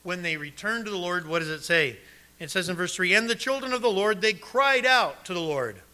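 A male pastor preaching a sermon, emphatic, dropping low and soft on key words. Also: expressive, fairly quick.

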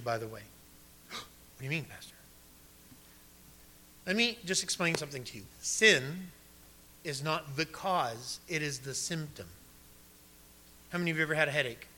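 A male pastor preaching a sermon, emphatic, dropping low and soft on key words.

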